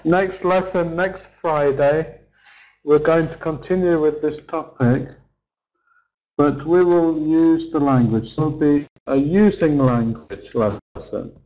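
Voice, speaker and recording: Slow, patient male teacher. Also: a little high, dark tone, low-quality recording. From England. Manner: slow, patient, repeats key phrases. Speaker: English teacher. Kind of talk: online lesson.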